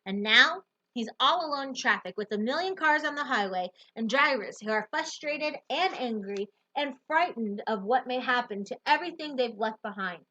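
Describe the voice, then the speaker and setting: A woman reading a novel aloud in the first person, with expressive, lively storytelling. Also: a little high, normal speed, few pauses, muffled recording. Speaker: audiobook narrator.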